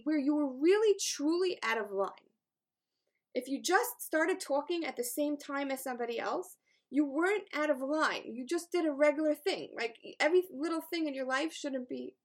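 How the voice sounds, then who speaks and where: A middle-aged woman teaching a class in an earnest, encouraging way, with touches of self-deprecating humor. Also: fairly high pitch. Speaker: class instructor.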